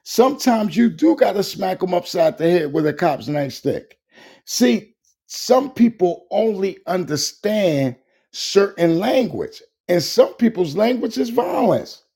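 A man's voice: high-pitched, very animated, a little slow, dark tone, husky. A man co-hosting a casual talk show, speaking bluntly in a folksy, colloquial way. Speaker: co-host.

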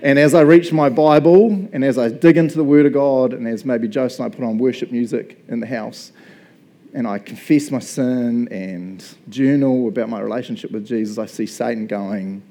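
A male pastor preaching a sermon in a casual, joking, animated way. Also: medium pitch, normal speed.

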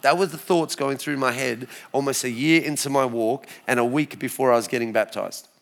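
A man in his forties with an Australian accent, telling his faith story to a church crowd in a lively, storytelling way. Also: medium pitch, fairly quick, gravelly. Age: 40s. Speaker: speaker sharing his testimony. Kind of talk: church testimony talk.

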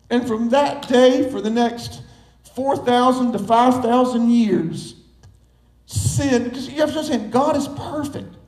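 A man's voice: very high voice, measured pace, a little mellow, echoey room, low-quality recording. A man preaching a sermon as pastor, emphatic and building through repetition.

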